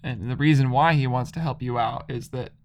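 A man's voice: medium pitch, a little fast. A man casually retelling a video game's story, rambling with lots of "like".

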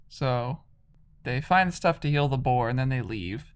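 A man's voice: mid-range voice, moderate pace, clean tone. A man casually retelling a video game's story, rambling with lots of "like".

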